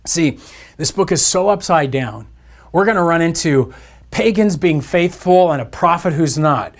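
Captured on a church podcast mic, this pastor preaches his sermon in an animated, unhurried voice that runs on the high side. His style is conversational, sprinkled with playful remarks aimed at the congregation.

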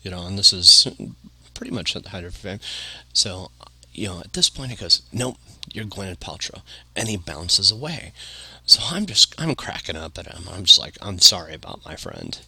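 A man's voice: low-pitched, animated, normal speed, pushed and bright, breathy edge, no echo. A man hosting a podcast, telling a long casual anecdote in a rambling way, full of filler phrases. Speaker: podcast host.

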